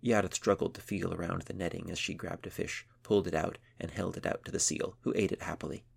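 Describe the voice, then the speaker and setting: A man narrating a children's adventure story in a measured storytelling manner. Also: deep voice, fairly even intonation, gravelly, breathy edge. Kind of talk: scripted narration.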